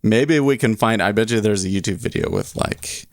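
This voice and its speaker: A man's voice: lowish voice, moderate pace, no room sound, studio quality. A man hosting a casual livestream, rambling and cutting himself off as he talks. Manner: rambling, self-interrupting. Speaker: livestream host.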